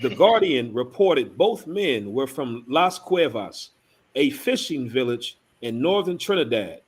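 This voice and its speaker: A man's voice: medium pitch, husky. A man co-hosting a talk show, reading a news article aloud with emphatic, punchy delivery.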